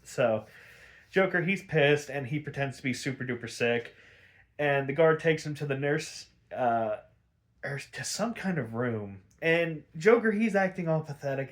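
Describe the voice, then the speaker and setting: A man's voice: on the high side, lively intonation, measured pace. A young man casually recapping a cartoon episode, rambling, swearing often and getting worked up. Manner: profane, gets worked up and exasperated; rambling with many "like" fillers. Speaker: show recap host.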